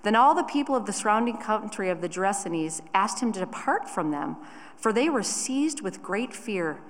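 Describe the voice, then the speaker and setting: A woman reading a scripture passage aloud in a measured, deliberate way during a church service. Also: mid-range voice, expressive. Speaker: scripture reader. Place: church sanctuary. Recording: long church reverb.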